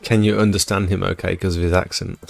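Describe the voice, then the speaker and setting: A British man with a low, gravelly voice chats casually through a live stream. He replies to viewers' questions in a relaxed, rambling way, and faint music plays under his voice. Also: a little fast. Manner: chatty, answers viewer chat. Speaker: livestream host.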